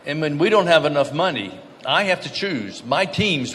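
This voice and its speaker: A man giving an earnest conference speech, telling stories and dropping to soft, grave tones. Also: fairly high pitch, lively intonation, normal speed, few pauses. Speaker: guest speaker. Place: conference hall. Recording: reverberant hall, faint background noise.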